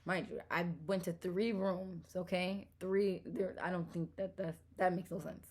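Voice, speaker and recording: A young woman, casually telling her labor story in a vlog, animated and exasperated, full of "like". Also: on the low side, a little slow. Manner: animated, exasperated retelling with lots of "like".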